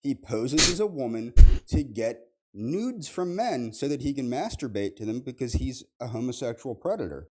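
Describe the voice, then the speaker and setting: A man's voice: medium pitch, lively intonation, moderate pace, slightly rough. Man repeating a bitter accusation. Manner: accusatory, repeats the same charge. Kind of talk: clip played on stream.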